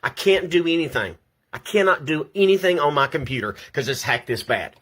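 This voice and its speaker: A man's voice: on the high side, expressive, a little fast, fairly bright tone. An older man at home, shaky and upset, ranting angrily to his viewers and stumbling over repeated words. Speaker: vlogger. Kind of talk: angry personal rant to camera.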